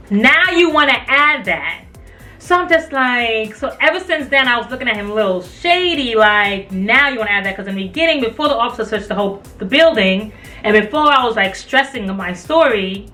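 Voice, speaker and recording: A woman in her twenties telling a personal story in casual chat, animated and full of filler likes, acting out the voices she quotes. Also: a little high, moderate pace. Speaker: vlogger. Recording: voice a bit far from the mic, faint music behind.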